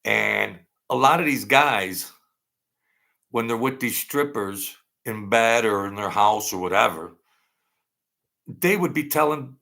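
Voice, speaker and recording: Gravelly, bright male storyteller, blunt and streetwise, rambles and repeats. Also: on the low side, slow, long pauses. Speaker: storyteller recounting mob-era experiences.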